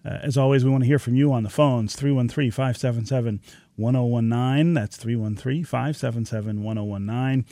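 Male talk radio host, gravelly, mid pitch, dry studio sound. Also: dark tone, dry recording. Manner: brisk, announces phone number and callers. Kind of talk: public radio call-in show hosting.

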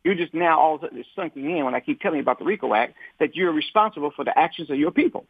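Husky man on a tinny phone line. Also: fairly high pitch, animated, racing, no room sound. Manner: repeats words and restarts often, acts out quoted dialogue. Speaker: civil rights activist guest. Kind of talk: conversational storytelling.

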